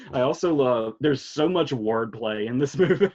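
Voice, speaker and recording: Male podcast co-host, mid pitch, giggly and rambling, slightly muffled lo-fi audio. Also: slow. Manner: laughs often, animated and rambling. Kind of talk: casual chat about films.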